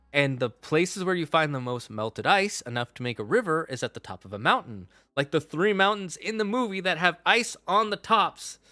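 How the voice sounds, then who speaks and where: A young man gives casual tier-list commentary on his stream, opinionated and quick to curse when something bugs him. His voice is bright and forceful. The sound is dry and close, with faint music underneath. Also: fairly high pitch, no echo. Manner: opinionated, swears while ranting.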